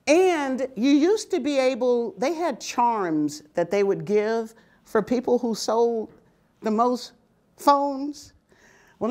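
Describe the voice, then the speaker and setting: An older woman giving a personal storytelling talk, animated and often laughing as she speaks. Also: on the high side.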